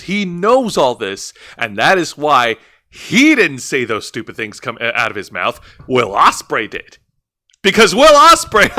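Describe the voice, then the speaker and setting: A man with a high, lively, bright voice co-hosts a wrestling review chat. He rants and stumbles through fillers as he talks. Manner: animated, ranting, halting with fillers. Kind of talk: casual podcast chat.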